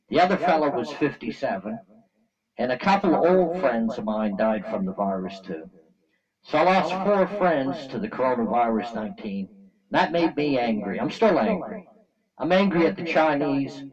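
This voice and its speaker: Canadian guy ranting at the camera, blunt and mad, keeps repeating himself, muffled far-off sound with a crowd in the back. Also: mid-range voice. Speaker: vlogger. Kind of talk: blunt opinion rant to camera.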